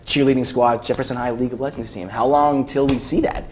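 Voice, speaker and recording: Young male podcast host, animated, frequent laughter, crowd audible in background. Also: medium pitch, fast. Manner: animated, laughs often, does silly voices. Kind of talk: casual chat.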